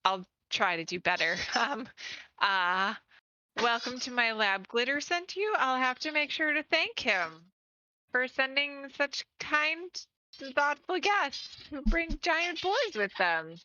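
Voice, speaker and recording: A sarcastic robed mage, as a woman game master puts her on, bright-toned, her pitch rising and falling freely, dry and wry. The stream audio is a little muffled and dry, with no room sound. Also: lively intonation, slow pace, heavily acted. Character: sarcastic female mage in ornate robes.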